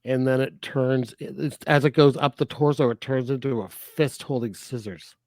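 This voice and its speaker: A man co-hosting a casual film review podcast, animated, laughing often and swearing freely. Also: mid-range voice, normal speed, no echo, clean studio sound. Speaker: podcast co-host.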